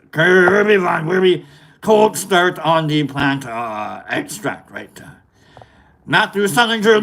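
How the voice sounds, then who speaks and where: A man's voice: fairly high pitch, gravelly, fairly bright tone, a little hiss or hum, low-quality recording. A man hosting a livestream, casually reading out viewer comments and greeting each one by name in a rambling, jokey way. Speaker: livestream host.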